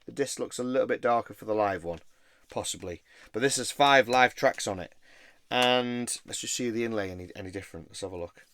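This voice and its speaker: A man's voice: on the low side, fairly quick, a bit bright. A man chatting casually about his record collection, rambling and easily enthused. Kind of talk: casual show-and-tell vlog.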